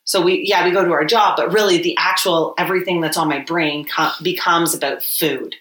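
Woman, slightly low, bright voice, candid and reflective, roomy echo. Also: steady tone, a little fast. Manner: open and reflective, many "like" fillers. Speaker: podcast guest. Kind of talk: candid personal storytelling.

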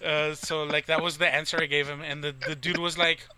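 A man's voice: on the high side, level tone, fairly quick, bright, forceful tone, clear, resonant tone. A man in his thirties from near the Texas border, telling a rambling, profane story in casual chat with lots of fillers. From Texas, near the Mexican border.

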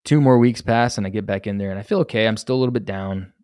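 A man's voice: on the low side, fast talker, a little mellow, clean tone, dry recording, clean studio sound. Candid, profane young man telling his story. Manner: candid, profane, rambling with restarts. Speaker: podcast host. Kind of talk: solo podcast storytelling.

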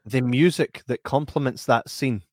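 A man's voice: mid-range voice, normal speed, darkish tone, no echo, studio quality. A man co-hosting a podcast, chatting casually about a film and laughing often as he retells scenes. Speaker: podcast co-host.

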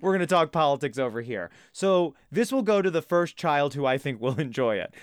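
Smooth-voiced joking podcast man. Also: fairly high pitch, expressive, brisk, no echo, clean studio sound. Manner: rambling, mock-earnest jokes. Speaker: podcast co-host. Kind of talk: casual comedic podcast chat.

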